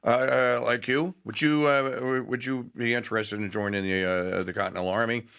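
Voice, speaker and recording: Man doing a commanding general, bit raised, giving orders, bright voice. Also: mid-range voice, steady tone, brisk, creaky, clean tone, voice pushed down. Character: tall commanding male general on horseback.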